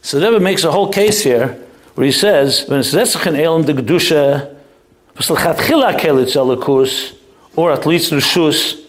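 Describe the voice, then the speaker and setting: A man teaching a Chasidic text class, reading out Hebrew passages and explaining them in English with Yiddish phrases mixed in, his voice jumping up whenever he drives a point home. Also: normal speed. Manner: animated, pitch jumps up when making a point. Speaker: Torah teacher.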